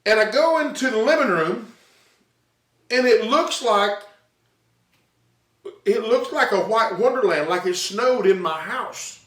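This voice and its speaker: A man's voice: high-pitched, measured pace, long pauses. A man doing stand-up comedy from his living room, telling stories with sound effects and asides to the audience. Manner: animated storytelling, sound effects, talks to audience. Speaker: stand-up comic. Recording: roomy echo, mic at a distance.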